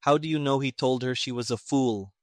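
A man voicing a gruff, sarcastic army colonel who speaks emphatically, in an audiobook reading. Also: mid-range voice, fairly quick, no room sound, clean studio sound, lightly acted. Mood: emphatic.

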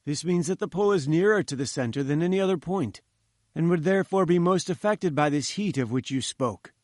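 On the high side and a little fast, this natural male voice comes through a dry, studio-quality recording. He performs the lines of a haughty professor, lecturing with a patronizing, superior air as an audiobook character.

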